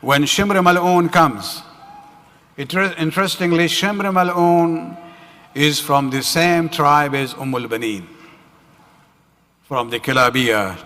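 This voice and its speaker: A man's voice: fairly high pitch, slow, long pauses, bright, forceful tone. A man giving a religious lecture at a community center, telling a story with frequent "you know" and "uh" fillers. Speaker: religious speaker. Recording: reverberant hall.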